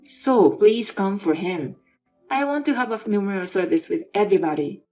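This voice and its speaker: A woman's voice: mid-range voice, animated, moderate pace, mellow, soft background music, natural voice. A woman voicing a selfish, demanding young husband in a scripted story reading, in her own plain voice. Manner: demanding, dismissive.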